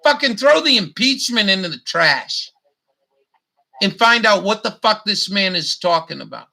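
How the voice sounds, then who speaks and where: A man with a high, gravelly voice and a piercing, sharp edge rants angrily to his online audience, heavy on profanity. He stumbles and restarts his sentences as he goes. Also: big pitch swings. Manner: angry, profane, halting with restarts. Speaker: YouTube host. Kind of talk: profane ranting monologue.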